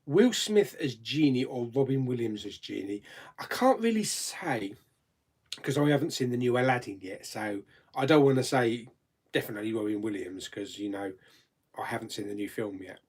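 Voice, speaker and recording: A man with a slightly husky voice hosts a relaxed live chat, reading viewers' questions aloud and answering them. His pitch swings around a lot as he talks, and he laughs easily. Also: normal speed. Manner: chatty, laughs often, reads viewer comments aloud. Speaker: host of a live chat stream.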